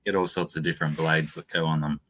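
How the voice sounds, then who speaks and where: Deep-voiced man, dry humor. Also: level tone, fast, fairly bright tone, a little hiss or hum. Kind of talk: casual chat.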